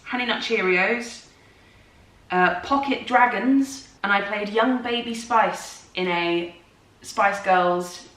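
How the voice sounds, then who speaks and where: A woman's voice: mid-range voice, a bit bright, recorded from a distance. A woman performer chatting casually about her acting work, self-deprecating and talkative. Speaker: co-host, musical theatre performer. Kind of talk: casual morning chat. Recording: roomy, from off-mic.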